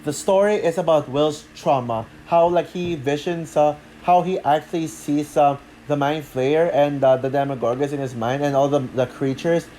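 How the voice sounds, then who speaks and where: A man talking through a show review off the cuff, halting with many fillers and restarts, short of breath. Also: a little high, steady tone, mellow, a little hiss or hum. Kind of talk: unscripted review talk.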